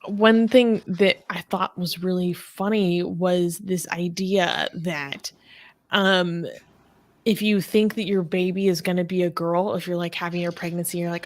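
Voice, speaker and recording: A woman's voice: fairly low pitch, steady tone, unhurried. A woman co-hosting a casual livestream, chatty and laughing often, with lots of fillers. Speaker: co-host.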